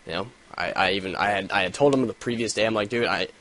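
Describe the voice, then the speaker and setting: A young man telling a story in a casual vlog, swearing a lot and rambling, with sudden loud rants. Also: on the low side, quick pace. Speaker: gaming vlogger. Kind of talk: casual ranting vlog update.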